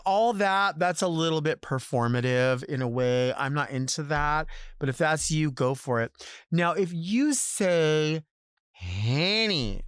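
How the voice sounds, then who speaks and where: Drag queen host, solo chat; campy, sassy, drawn-out words, mid-pitched man, close dry mic. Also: clean tone, dry recording. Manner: campy, drawls and stretches words for emphasis; sassy, conversational. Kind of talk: casual solo monologue.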